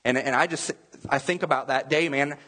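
A man's voice: medium pitch, fairly quick, sharp tone. A man preaching a sermon as a pastor, talking to the congregation in a loose, conversational way. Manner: conversational preaching with acted-out crowd voices.

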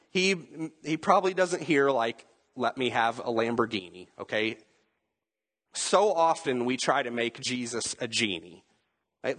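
A man's voice: medium pitch, a bit bright. A man preaching a sermon in a conversational way, asking the listeners questions and acting out quotes. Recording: long hall reverb.

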